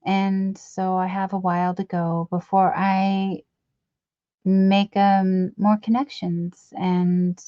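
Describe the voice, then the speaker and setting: A woman chatting slowly on a home live stream, rambling as she reads out viewers' messages. Her voice sounds dull and lo-fi. The room is dry and close, with no echo. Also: medium pitch, level tone, smooth. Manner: rambling, reads chat aloud, self-deprecating. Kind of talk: casual live-stream chat.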